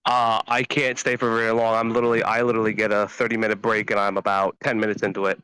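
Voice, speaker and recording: A man's voice: lowish voice, flat delivery, quick pace, bright, forceful tone, smooth, dry recording, poor audio. A man on a call, telling a story in a rambling, profane, stop-start way. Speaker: caller. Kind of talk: casual phone call.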